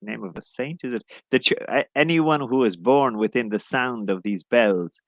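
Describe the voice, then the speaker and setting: A man's voice: medium pitch, normal speed, dry recording. A man with an Irish accent, an English teacher in a casual live chat, rambling and jokey, often correcting himself.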